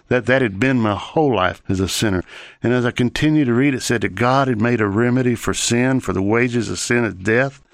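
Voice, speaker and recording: A man's voice: fairly low pitch, vocal fry, no room sound. A man giving an earnest personal testimony in an interview, telling his story in long chained sentences.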